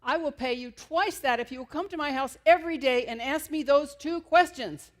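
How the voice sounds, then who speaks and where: A woman's voice: high voice, normal speed, voice pushed up, lightly acted. A woman voicing a wise, amused old rabbi who laughs as he speaks. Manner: laughing, playful.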